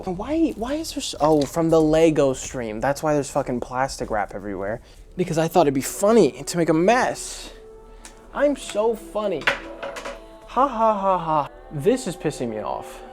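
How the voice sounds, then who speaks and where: A man's voice: medium pitch, dark tone. Dramatic, self-mocking young man vlogging. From United States. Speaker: streamer and vlogger. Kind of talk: casual vlog chat. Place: at home, setting up a computer.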